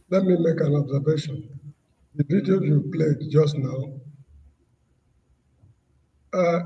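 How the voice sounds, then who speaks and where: A man's voice: a little high, mellow, big-room sound, far from the mic, lo-fi sound. A man who is a guest on a panel talk show, making his case emphatically and arguing back. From Nigeria. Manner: emphatic, argumentative.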